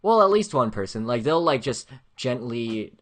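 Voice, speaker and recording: A woman's voice: a bass voice, big pitch swings, normal speed. A woman hosting a podcast in casual chat, laid-back and slangy with lots of likes. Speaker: podcast host.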